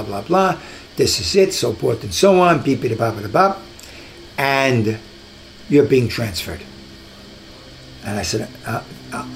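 This is a low-quality recording with a bit of background noise, featuring an older man of medium pitch. He's a retired detective sharing tales from his working life in an interview, animated and imitating the voices of those he quotes.

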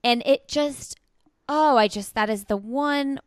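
A woman in her thirties hosting a podcast, chatting candidly about her children, often halting and restarting as she tells her story. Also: high-pitched, clean tone, dry recording. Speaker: podcast host. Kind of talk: casual chat.

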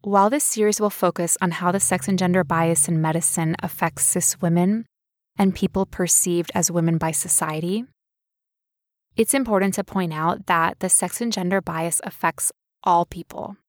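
A woman's voice: fairly low pitch, steady tone, moderate pace, darkish tone, dry recording. Chatty woman podcast co-host, dry close sound. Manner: chatty, sarcastic asides. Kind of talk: casual podcast chat.

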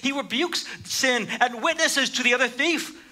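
A man's voice: very high voice, normal speed, bright, forceful tone. A man preaching a sermon in a church, reading scripture aloud and building to emphatic points.

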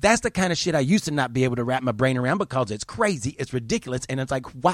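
Furioso homem em discurso profano. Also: male voice, mid-range voice, no room sound, studio quality. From United States. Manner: profane, heated, exasperated. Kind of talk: angry opinion rant.

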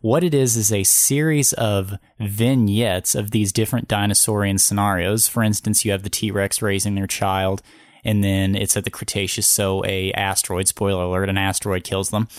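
A man's voice: on the low side, steady tone, moderate pace, no echo, clean studio sound. A man co-hosting a podcast in casual chat, joking and self-deprecating. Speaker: podcast co-host.

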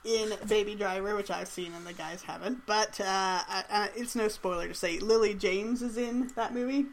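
Wry female co-host, mid-pitched, easygoing chat delivery. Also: moderate pace, slight background noise. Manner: relaxed, wry, laughs while talking. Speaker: podcast co-host. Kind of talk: casual chat.

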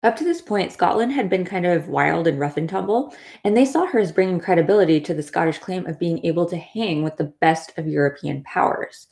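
A woman with a somewhat low voice narrates history in a relaxed scripted way. Her delivery leans wry, with sarcastic asides woven into the storytelling. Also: fairly quick, gravelly, few pauses. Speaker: history podcast host.

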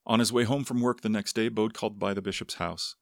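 A man narrating a story aloud in a steady, unhurried manner. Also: lowish voice, creaky, no room sound, clean studio sound. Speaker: audiobook narrator. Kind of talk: scripted narration.

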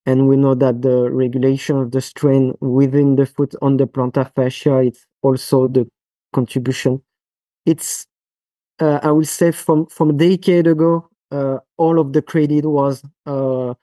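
Here a physiotherapist from France, speaking with a French accent, is interviewed as a podcast guest. His medium-pitched voice is mellow and level in tone, and he talks haltingly with many fillers and restarts, recorded without room sound.

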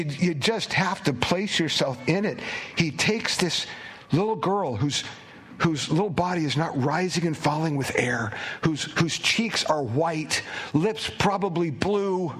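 A man's voice: fairly high pitch, fairly bright tone, slightly rough. A man, a pastor, preaching a conversational sermon, often restarting his phrases and dropping to a near whisper for quoted words.

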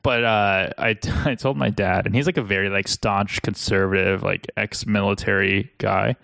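Gravelly-voiced American man chatting casually. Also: on the low side, fairly even intonation, normal speed, a bit bright, no room sound. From United States. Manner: rambling, self-deprecating, laughs often. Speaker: agency co-host. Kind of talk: casual podcast chat.

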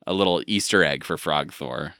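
Low-voiced guy hosting a comics podcast, bright and bouncy, dry mic. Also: brisk, vocal fry, dry recording. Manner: wraps up the show, giggly. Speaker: podcast host. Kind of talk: casual chat.

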